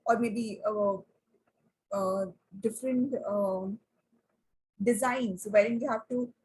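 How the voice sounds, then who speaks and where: A woman teacher, her voice very husky and breathy and set somewhat high. She lectures an online class, often asks the class questions, and fills her pauses with "uh" and "um.". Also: darkish tone, low-quality recording.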